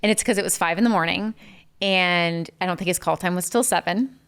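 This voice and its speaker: A woman's voice: fairly low pitch, a little fast, fairly bright tone, smooth. A young woman telling a story as a podcast guest, chatty, full of "like" and "um", acting out what others said. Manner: chatty, lots of "like" and "um", acts out quotes. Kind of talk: casual storytelling interview.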